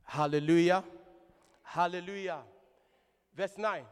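A man preaching a sermon to a congregation in an animated, exclamatory manner, often calling out hallelujah. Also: high voice, slow pace, clean tone. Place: large church hall. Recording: long hall reverb.

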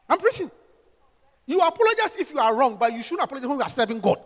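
A male pastor delivers a lively sermon in an unusually high, bright voice, acting out little scenes as he goes. His pitch swings widely as he talks. The sound rings out with a long hall echo. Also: fairly quick. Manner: animated, acts out scenes in character voices.

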